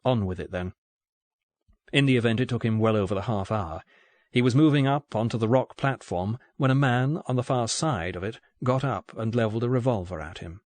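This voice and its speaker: A man narrating an audiobook in a steady, even reading voice. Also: mid-range voice, brisk, no echo. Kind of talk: scripted narration.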